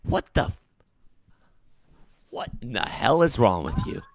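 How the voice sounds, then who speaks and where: A man's voice: mid-range voice, very animated, a little slow, dry recording, studio quality. A man hosting a comedic mock call-in hotline, indignant, preachy and exasperated with his callers. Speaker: call-in show host.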